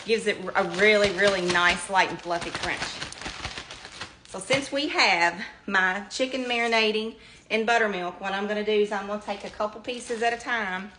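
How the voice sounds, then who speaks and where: A woman's voice: mid-range voice, normal speed, noisy background. A middle-aged woman with a Southern US accent, chatting casually as she shows a home cooking demo in her kitchen. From American South. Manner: chatty, down-to-earth, addresses viewers as y'all. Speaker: home cook. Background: oil frying and sizzling.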